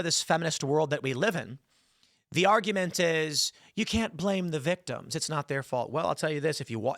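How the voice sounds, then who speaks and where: Angry male podcast host, bright sharp tone, fairly high voice, dry close sound. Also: no echo. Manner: angry, swearing, animated storytelling. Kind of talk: heated commentary monologue.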